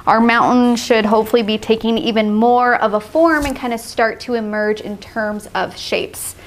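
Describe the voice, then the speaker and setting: Woman art instructor, patient and cheerful, slightly high voice, live stream with faint hiss. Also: fairly even intonation, normal speed. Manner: cheerful, explains steps patiently, laughs often. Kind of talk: live painting tutorial.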